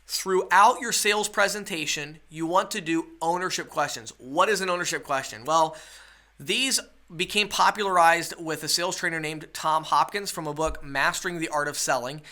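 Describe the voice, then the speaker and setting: Guy running a sales training webinar, highish voice, keeps checking in with the audience. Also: moderate pace, bright, forceful tone. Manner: coaching, checks in with rhetorical questions.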